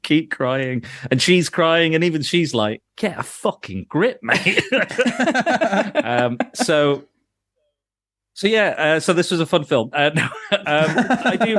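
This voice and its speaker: A man's voice: mid-range voice, a bit bright, dry recording, studio quality. A man, co-hosting a casual podcast chat, telling a rambling, self-mocking story and laughing often. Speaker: podcast co-host.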